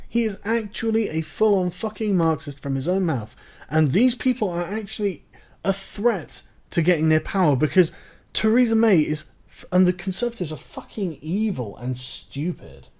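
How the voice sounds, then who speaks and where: A man's voice: high voice, expressive, moderate pace, mellow. A man hosting a casual political chat, ranting with profanity and sarcasm. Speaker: host.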